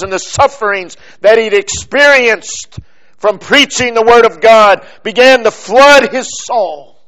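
A man delivers a sermon in a fairly high voice. He speaks slowly and deliberately, pausing for effect and letting his phrases drop off at the end. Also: a bit bright. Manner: slow, deliberate preaching with dramatic pauses and falling phrase ends. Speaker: preacher.

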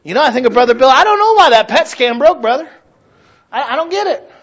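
A pastor preaching a sermon to his congregation, talking conversationally, dropping to hushed asides and rising to loud exhortation, acting out prayers and remembered conversations. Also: extremely high pitch, lively intonation, quick pace, breathy edge. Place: church service.

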